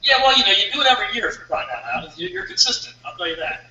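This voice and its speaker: Male radio host, far from mic, echoey room, fast and sharp. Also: sits high, huge pitch swings. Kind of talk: live talk radio hosting. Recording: roomy, distant, dull mic sound.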